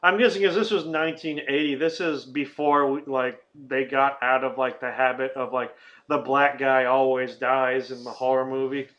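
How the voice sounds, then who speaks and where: A man's voice: medium pitch, fairly even intonation, moderate pace, fairly bright tone, muffled recording. A man hosting a casual movie-review podcast, rambling and swearing, often laughing and acting out silly quotes. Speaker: podcast host.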